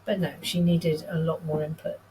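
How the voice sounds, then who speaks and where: A woman in her fifties from the United Kingdom speaks in a fairly low voice. She tells stories casually and candidly, often poking fun at herself. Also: little pitch movement, moderate pace, dark tone, a little hiss or hum, poor audio. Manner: candid, self-deprecating, laughs easily. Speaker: nurse practitioner guest. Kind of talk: casual conversational storytelling.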